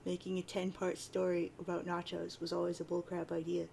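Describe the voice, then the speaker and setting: A woman's voice: lowish voice, completely flat delivery, a little fast, vocal fry, warm tone, slight background noise, poor audio. A woman reading out the lines of a laid-back, cool teenage boy in a near-plain voice.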